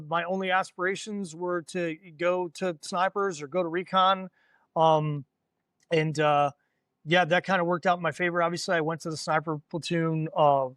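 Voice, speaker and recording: A man's voice: high-pitched, fairly bright tone, dry recording. A man in his forties, a former Marine, telling stories casually with lots of fillers and swearing. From United States. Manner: rambling, lots of fillers and profanity. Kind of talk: casual storytelling.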